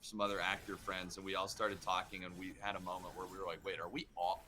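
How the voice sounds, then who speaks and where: Lively low-voiced man, bright tone. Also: a little hiss or hum. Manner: animated, laughing, quick bursts. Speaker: voice actor guest. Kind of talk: casual panel chat.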